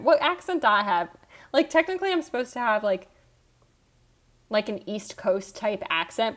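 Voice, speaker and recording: A woman hosting a casual livestream, reading chat aloud and teasing viewers with frequent laughs. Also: medium pitch. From United States. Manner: teasing, quick, laughs often. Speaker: livestream host. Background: soft background music.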